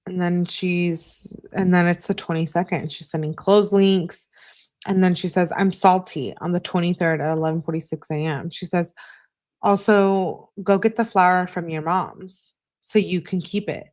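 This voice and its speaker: A woman hosting her channel, casually reading text messages aloud and adding short remarks of her own. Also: on the low side. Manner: reads messages in a flat, unhurried voice with short asides.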